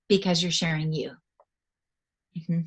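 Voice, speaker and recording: Woman guest, casual interview talk, excitable and animated, laughs a lot. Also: lowish voice.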